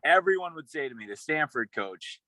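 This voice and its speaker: A young man, a former college football player, telling a rambling, excited story in a casual interview, with many restarts. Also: fairly high pitch, moderate pace, no room sound, low-quality recording.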